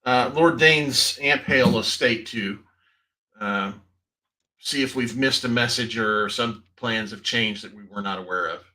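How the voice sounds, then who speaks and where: A man takes part in a tabletop game, his voice bright and forward. He talks hesitantly and stops to ask questions. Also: mid-range voice, unhurried, low-quality recording. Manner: hesitant, uses fillers. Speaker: player.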